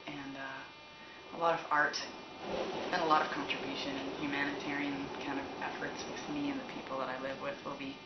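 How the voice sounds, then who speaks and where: A woman's voice: very deep voice, flat delivery, brisk. A woman from Canada, a musician, answering fan questions in a rambling, candid way and laughing often. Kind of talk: casual chat. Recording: roomy, dull, noisy recording.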